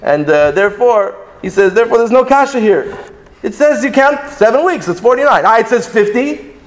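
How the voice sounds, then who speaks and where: A man teaching a Talmudic lesson, reading Hebrew texts aloud and explaining them in an animated, sing-song way with many restarts. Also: extremely high pitch, normal speed. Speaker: Torah teacher. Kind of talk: Talmudic lecture.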